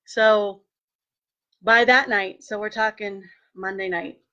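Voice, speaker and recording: A woman telling a personal story in a lively way, acting out what people said and turning earnest when she speaks of faith. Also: medium pitch, takes it slowly, dull audio. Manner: animated, acts out quoted dialogue. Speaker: vlogger sharing a personal testimony.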